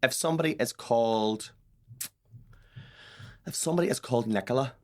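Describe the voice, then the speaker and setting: An Irish man co-hosting a comedy podcast in casual, animated banter, laughing often. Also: mid-range voice. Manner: animated, quick back-and-forth, laughs often. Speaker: podcast co-host.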